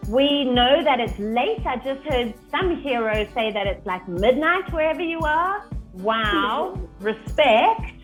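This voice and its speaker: A woman's voice: sits high, lively intonation, takes it slowly, faint music behind, low-quality recording. A woman hosting an online show, thanking players one by one and cheering them on. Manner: warmly effusive, cheering names. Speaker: show host. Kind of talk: closing thanks and applause calls. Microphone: video call.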